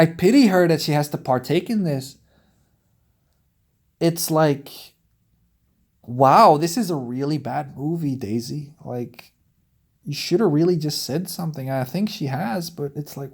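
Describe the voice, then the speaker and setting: Brief: male movie reviewer, slightly higher voice, profane exasperated rant. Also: a little mellow. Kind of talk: ranting movie review vlog.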